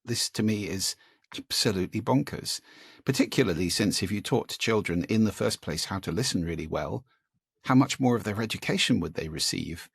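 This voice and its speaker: A man with a gravelly, husky voice sits down for an interview and explains his ideas with lively, demonstrative energy. His voice sits fairly low, and the sound is dry and close. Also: normal speed, no echo. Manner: animated, demonstrative, gives vocal examples. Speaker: guest, speaker on voice and listening.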